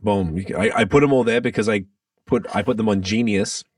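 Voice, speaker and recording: A man co-hosting a podcast in a relaxed, chatty way, swearing freely. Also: lowish voice, a little fast, no echo, clean studio sound, distant mic. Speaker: podcast co-host. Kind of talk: casual chat.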